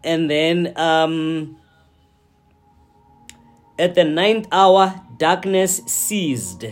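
A man preaching a sermon, slow and deliberate, often checking in with his listeners. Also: on the high side, faint music behind. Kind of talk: sermon teaching.

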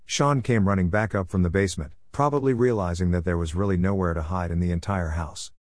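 A man narrating a first-person story in a measured, somber way. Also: low-pitched, a little mellow, no echo, studio quality.

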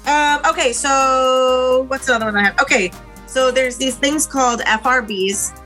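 Brief: woman podcast co-host, bright tone, chatty and loose, filler-heavy. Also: sits high, moderate pace, faint music behind, rough recording. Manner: rambling, filler-heavy explaining. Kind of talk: casual chat.

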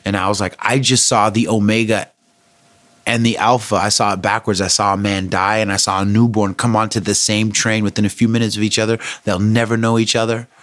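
Middle-aged man, lowish voice, candid vlogger storytelling, dry close sound. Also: little pitch movement, fairly quick, fairly bright tone, no echo. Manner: candid, conversational, thoughtful, with frequent fillers. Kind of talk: reflective personal storytelling.

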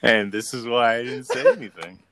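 A man co-hosting a podcast, trading crude jokes and laughing often. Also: a little fast. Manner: laughing often, lively swings in pitch. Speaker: podcast co-host. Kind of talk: crude casual banter.

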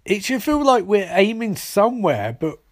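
A man's voice: high voice, big pitch swings, moderate pace. A man casually recapping and reviewing a TV episode, rambling and swearing freely, with plenty of fillers. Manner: profane, rambling, lots of fillers.

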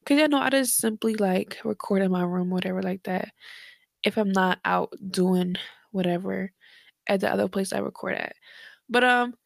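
A tired young woman, a little breathless, hosts her podcast from her bedroom at a late hour, rambling casually with slang and lots of fillers. Her creaky, mid-range voice keeps a moderate pace. She uses headphones and a desk mic, and the dry recording has clean studio sound.

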